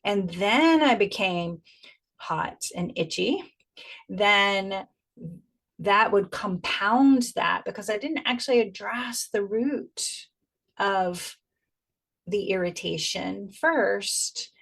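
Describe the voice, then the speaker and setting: Gentle woman giving a spiritual teaching. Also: medium pitch, expressive, creaky, slightly rough. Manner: gentle, reflective, slows to stress key phrases.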